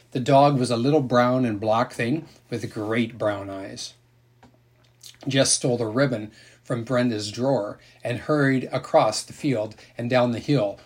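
A man reading a children's novel aloud as narrator, in a steady, gentle storytelling way. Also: mid-range voice, husky. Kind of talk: audiobook reading.

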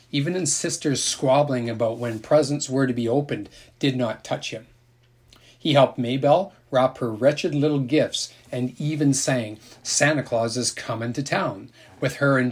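A man reading a children's novel aloud as narrator, in a steady, gentle storytelling way. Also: mid-range voice, slightly rough. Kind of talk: audiobook reading.

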